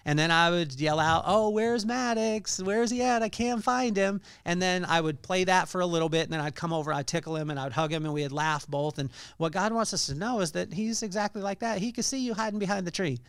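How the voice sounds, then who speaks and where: A man's voice: fairly high pitch, fairly even intonation, fast talker, hardly any pauses, a bit bright, clear, resonant tone, no echo, clean studio sound. A man hosting a podcast, giving an earnest devotional talk on scripture with frequent fillers and restarts. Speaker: podcast host.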